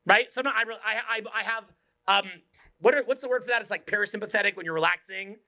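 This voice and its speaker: A man giving a live seminar talk in a room without speakers, energetic, joking and profane. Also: sits high, quick pace. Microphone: unamplified room talk.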